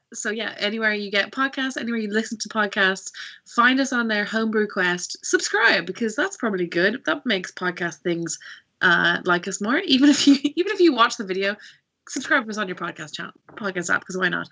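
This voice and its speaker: A woman's voice: medium pitch, vocal fry, pushed and bright. An Irish woman co-hosting a tabletop game stream, giving chatty, giggly announcements. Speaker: co-host. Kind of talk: casual announcements.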